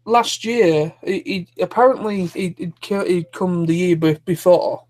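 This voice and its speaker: A man with a notably high voice chats on a live stream, telling stories in a loose, rambling way full of restarts. He speaks casually and informally. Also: a little slow, a little mellow. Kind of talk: casual chat.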